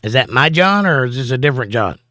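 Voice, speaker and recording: A man hosts a relaxed livestream, reading out chat messages and tossing back quick wisecracks. His voice sits at an ordinary middle pitch. The sound is dry and close, picked up by a desk mic in a small home room. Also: dry recording.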